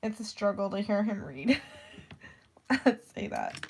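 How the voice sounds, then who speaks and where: A teenage girl in high school, telling a rambling story about her teacher, full of "like" fillers, swearing and quoted voices. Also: slightly rough. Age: teens. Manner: rambling, heavy "like" filler, swearing, animated quoting. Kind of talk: casual storytime rant.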